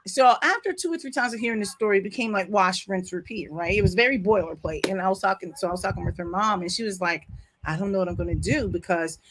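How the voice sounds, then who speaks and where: A woman's voice: medium pitch, quick pace, hardly any pauses, a little hiss or hum, low-quality recording. A woman vlogger telling a long story in a casual, digressive way at home, with frequent asides and apologies. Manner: animated, laughing. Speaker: commentary vlogger. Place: home, near her back window.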